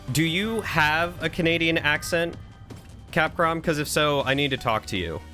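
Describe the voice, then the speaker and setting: A man's voice: medium pitch, pushed and bright. A man streaming a game, rambling casually as he reads and answers his chat.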